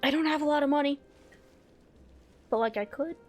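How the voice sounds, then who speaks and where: A woman streaming a video game with a fairly high voice. She reads menu items aloud, swears freely and gets excited easily. Faint game music runs underneath her chatter. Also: moderate pace. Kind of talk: casual live game stream commentary.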